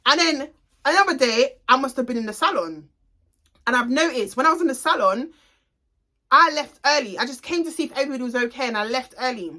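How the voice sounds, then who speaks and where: Young salon owner lady spilling tea on her vlog, sharp bright voice, cusses a lot, talks right at the camera. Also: high voice, animated, brisk. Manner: gossipy, blunt, swears freely; addresses viewers directly. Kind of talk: casual storytime vlog.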